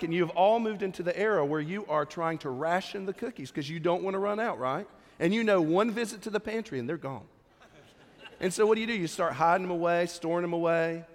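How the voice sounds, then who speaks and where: A man, preaching a sermon in a conversational, humorous way with little acted-out asides. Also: high-pitched. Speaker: pastor. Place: church sanctuary. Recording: echoey church hall.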